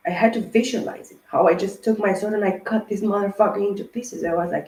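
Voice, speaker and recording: A woman with a warm, mellow voice talks through a tarot reading in a loose, rambling way. She is emphatic and swears freely. The recording has a roomy echo. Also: medium pitch, quick pace, slight background noise. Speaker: tarot card reader. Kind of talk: casual tarot reading monologue.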